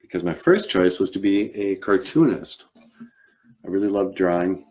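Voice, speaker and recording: A man chats casually on a live stream, rambling with many fillers and restarts. His voice is very low and deep. He comes across as a relaxed, talkative host. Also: moderate pace. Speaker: show host and puppeteer.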